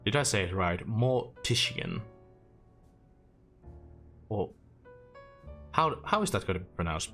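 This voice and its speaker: A man's voice: fairly low pitch, a bit bright. A young man with a Finnish accent chatting casually on a game stream, self-deprecating and talkative. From Finland. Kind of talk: casual gaming stream chat.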